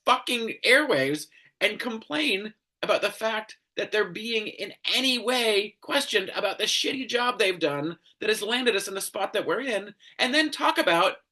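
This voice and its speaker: Profane ranting male commentator, bright voice. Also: sits high, animated, moderate pace. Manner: angry, profane, exasperated. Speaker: commentary show host.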